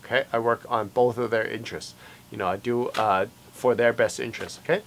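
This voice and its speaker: A man's voice: medium pitch, fairly even intonation, brisk, a bit bright, a little hiss or hum. A man working as a realtor, explaining agency rules in a casual, conversational way, full of fillers and acted-out client exchanges. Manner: conversational, many fillers, acts out client dialogue. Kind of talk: casual explainer talk to camera.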